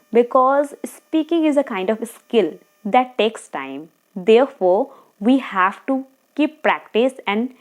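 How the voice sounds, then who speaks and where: A woman giving earnest, encouraging speaking tips straight to camera, talking fast at times and checking in with her viewers. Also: on the high side, darkish tone. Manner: talks fast, sometimes slows down deliberately. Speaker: English-speaking coach. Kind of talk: tutorial monologue to camera.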